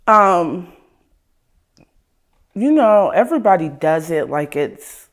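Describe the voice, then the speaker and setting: A woman from Ohio, a guest in an interview, speaking candidly and casually, her voice sometimes trailing off softly. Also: on the low side, big pitch swings, slow pace. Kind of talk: emotional personal interview.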